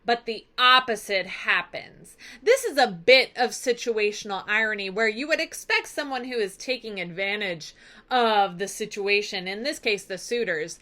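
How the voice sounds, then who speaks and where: A woman teacher who recaps a story in a casual, animated and playfully dramatic way. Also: medium pitch, moderate pace.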